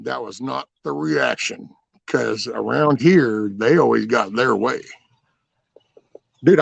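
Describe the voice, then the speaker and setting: A middle-aged man with a deeply gravelly, raspy voice, telling stories from his life in a loose, rambling way. He is blunt and swears freely. The sound is dry and close. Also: dry recording. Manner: rambling, blunt and profane, with many restarts. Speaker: channel host telling his life story. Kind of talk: casual storytelling.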